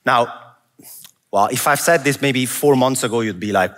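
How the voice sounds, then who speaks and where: A man's voice: mid-range voice, moderate pace, a bit bright. A man with an Italian accent giving a conversational, self-deprecating conference presentation in an event hall. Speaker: macro analyst speaker. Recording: reverberant hall.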